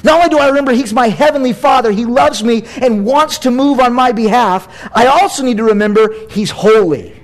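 A middle-aged American man preaching a sermon as pastor, conversational and animated, with playful asides. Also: extremely high pitch, fairly quick, few pauses.

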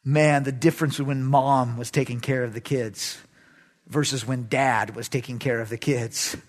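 A middle-aged man preaching a sermon, moving from shouted lines to soft, laughing asides. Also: mid-range voice, steady tone, moderate pace. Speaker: pastor.

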